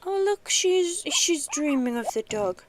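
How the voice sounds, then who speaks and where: A woman's voice: high voice, expressive, unhurried, a little hiss or hum. A woman chatting casually while streaming a game, giggling often and playful. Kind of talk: casual gaming stream chat.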